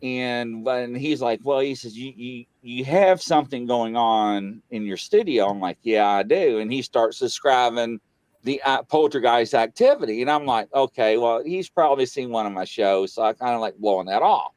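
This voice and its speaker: Male guest, casual storyteller, average pitch, dry close mic, acts out the dialogue. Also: moderate pace, dry recording. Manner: animated, acts out quoted dialogue, voice jumps high when excited. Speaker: guest on a paranormal talk show.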